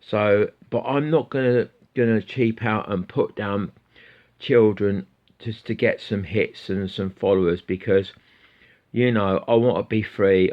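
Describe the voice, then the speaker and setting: A man's voice: sits low, dull audio. A middle-aged man chatting casually to camera as a guitar YouTuber, rambling and swearing freely.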